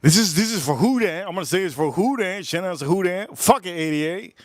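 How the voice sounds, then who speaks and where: A jet-lagged man talks loosely to his livestream viewers, repeating himself and cursing casually. His voice sits a little high for a man. The sound is dry and close, with no room echo. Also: lively intonation, brisk. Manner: loose, repetitive, swearing, calls out to viewers. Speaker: livestream host.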